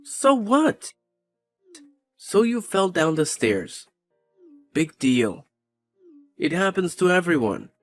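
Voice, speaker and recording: A man playing a cold, dismissive young husband who talks with scorn and is quick to blame, over faint background music. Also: on the high side, sing-song, no echo. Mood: scornful.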